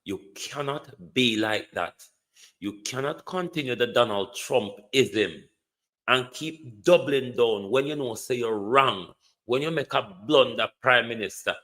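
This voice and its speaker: A man's voice: medium pitch, measured pace, pushed and bright, poor audio. Scornful Jamaican man ranting on a livestream. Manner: scornful, emphatic, repeats insults. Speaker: livestream political commentator. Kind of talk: angry political rant. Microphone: streaming setup.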